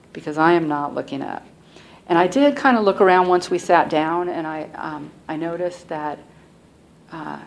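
A middle-aged woman with a low voice gives a personal recovery testimony, speaking softly and haltingly with frequent restarts. Clear background noise and clicks can be heard in the recording.

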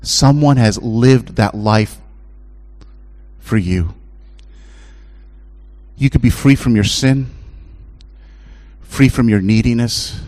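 This chaplain, a middle-aged man, preaches slowly with long pauses. He shifts back and forth between impassioned, high-pitched pleading and soft, low storytelling.

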